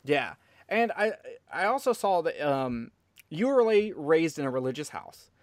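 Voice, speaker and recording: Higher-voiced swearing podcast host man. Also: very animated, normal speed, no room sound, studio quality. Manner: casual, swears freely. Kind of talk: casual interview chat.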